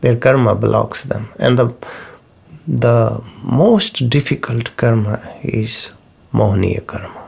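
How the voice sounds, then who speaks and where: Slow gravelly man teaching. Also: medium pitch, darkish tone. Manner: unhurried, repeats key terms, non-native phrasing. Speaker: spiritual teacher. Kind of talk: slow spoken teaching talk.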